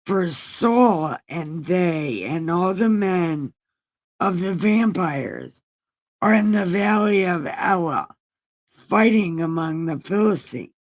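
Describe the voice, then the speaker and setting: Woman host, slow irreverent scripture reading, swears freely. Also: on the low side, expressive. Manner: profane slangy paraphrasing, asides to viewers.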